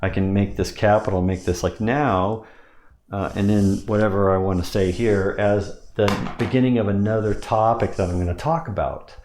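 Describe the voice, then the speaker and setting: A man's voice: steady tone, moderate pace, a little mellow, echoey room, a little hiss or hum. A man coaching on sales hypnosis, explaining techniques step by step and acting out examples. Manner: explains step by step, demonstrates with pitch changes. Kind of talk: instructional explanation.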